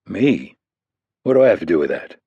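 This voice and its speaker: A man's voice: deep voice, big pitch swings, fairly quick, husky, no echo, lo-fi sound, full character voice. A man voicing a hardened male covert operative who answers in terse, clipped lines. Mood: dry.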